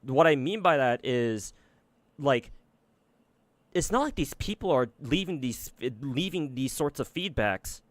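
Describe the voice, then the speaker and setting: A man's voice: mid-range voice, animated, a little slow, no echo. Guy ranting on his game stream, lots of cursing and ums, starts over a lot, dry close sound. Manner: rambling, profane, frequent fillers and restarts. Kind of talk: casual livestream commentary.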